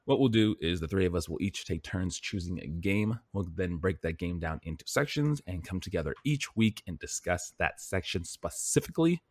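Podcast host, American man, very low voice, dry close mic, easygoing chat. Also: lively intonation, normal speed, hardly any pauses, no room sound. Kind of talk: casual gaming podcast chat.

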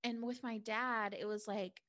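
A woman's voice: a little high, steady tone, measured pace, a bit bright. A woman guest talking openly and reflectively in an interview, in loose run-on phrases. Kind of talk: candid interview conversation.

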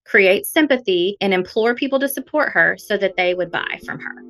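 A woman narrates a podcast recap from a script. Her delivery is pointed and emphatic, and she lands her points with clear skepticism. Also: medium pitch, expressive, normal speed. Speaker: podcast host.

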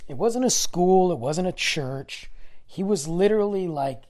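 On his vlog, a man spins a casual, rambling tale in a high-pitched, unhurried voice. He's animated, keeps correcting himself, and performs the dialogue of the people in the story.

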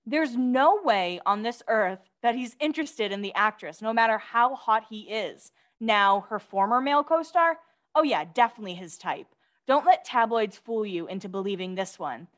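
Woman, casual podcast chat, higher pitch, gushing and giggly. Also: expressive, moderate pace, a bit bright. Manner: chatty, giggly, gushing about celebrities. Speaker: podcast co-host. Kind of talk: casual chat, reading celebrity gossip items.

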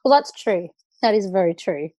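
A woman's voice: medium pitch, animated, moderate pace, dark tone, no room sound. A woman, a makeup artist chatting animatedly as a guest, full of fillers and stories. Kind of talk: casual chat.

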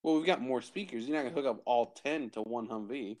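A man's voice: mid-range voice, quick pace, darkish tone. Offhand man teasing at a game table. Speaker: player. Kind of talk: casual tabletop game banter.

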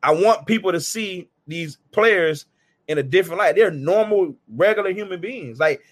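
Earnest higher-voiced male host. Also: normal speed, dry recording. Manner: earnest, praising, slangy. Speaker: podcast host. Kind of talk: casual interview chat.

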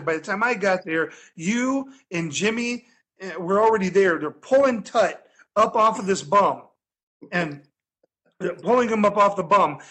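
A man telling a rambling, animated story in casual podcast chat, laughing often as he goes. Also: high voice.

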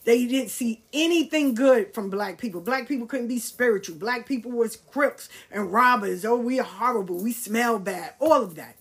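Blunt, profane husky-voiced woman storyteller. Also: on the high side, moderate pace, hardly any pauses. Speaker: podcast host. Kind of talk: personal storytelling.

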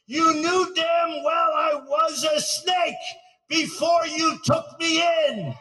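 A cruel male snake, mocking and cold, put on by a man reciting a poem aloud. The lines come slow and drawn-out in a high, bright voice that sneers more than it hisses. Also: big-room sound, distant mic, exaggerated voice, low-quality recording. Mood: sneering.

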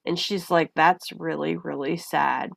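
A woman guest in a casual conversation, telling personal stories in an animated way and acting out the voices of the people in them. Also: sits low, measured pace, creaky, husky, no room sound. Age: adult mother of a young child. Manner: animated, acts out voices in her anecdotes. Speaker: podcast guest.

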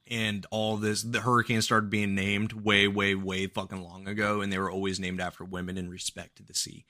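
A man's voice: fairly low pitch, flat delivery, moderate pace, sharp tone. A man co-hosting a casual podcast, ranting in an exaggerated way and swearing often. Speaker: podcast co-host.

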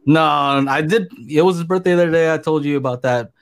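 A man's voice: a little high, fairly quick, clean tone. A man co-hosting a podcast, chatting casually and rambling earnestly about meeting someone who shares his interests. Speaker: podcast co-host. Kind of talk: casual chat on a live stream.

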